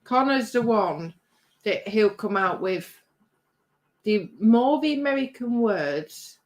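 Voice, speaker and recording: A woman's voice: medium pitch, lively intonation, takes it slowly. A British woman hosting a casual livestream at her home craft bench, reading out viewer comments in a chatty, rambling way with easy laughter. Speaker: livestream host.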